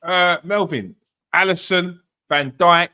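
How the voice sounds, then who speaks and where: A man drives a football chat with pointed, argumentative questions. His voice is bright and forward, and it sits a little high for a man. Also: slow, clear, resonant tone. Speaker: podcast host.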